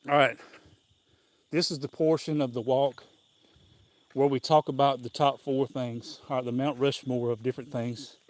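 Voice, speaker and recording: A man with a Southern US accent hosts a casual live stream while out on a walk. His voice sits at an ordinary middle pitch, and he talks in a loose, folksy, meandering way, breaking into small chuckles. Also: fairly even intonation, normal speed, pauses often, a little mellow. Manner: rambling folksy storytelling, chuckling often. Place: outdoors on a walk.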